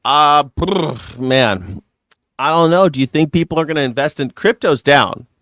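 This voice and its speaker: A man's voice: fairly high pitch, animated, no room sound. Sarcastic ranting male news show host. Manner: sarcastic, profane, fast-shifting rant; yells at times. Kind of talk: ranting comedic commentary.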